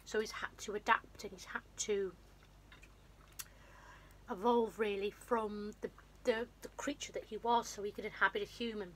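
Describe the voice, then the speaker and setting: This meandering film recap comes from a woman vlogger at home, her nose running and some faint noise behind her. Her medium-pitched voice stays steady at a moderate pace, with frequent pauses, self-deprecating asides, and restarts.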